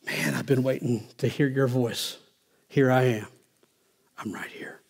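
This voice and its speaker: A man voicing God as a calm, patient father figure, speaking gently and close to a whisper. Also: mid-range voice, normal speed, husky, close to an everyday voice. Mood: tender.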